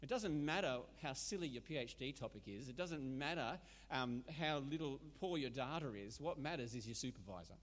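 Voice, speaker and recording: Animated male preacher in a reverberant hall. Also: mid-range voice, brisk, few pauses. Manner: animated, emphatic, with restarts. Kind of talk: sermon.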